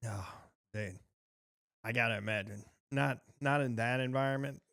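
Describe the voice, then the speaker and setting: A man's voice: mid-range voice, normal speed, vocal fry, fairly bright tone. A man co-hosting a podcast, chiming in with short casual reactions and jokes. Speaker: podcast co-host. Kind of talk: casual chat.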